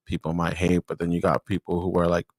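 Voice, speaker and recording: Very deep-voiced laid-back man, dry. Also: completely flat delivery, fast, a little mellow, no room sound. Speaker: podcast guest. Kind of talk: casual chat.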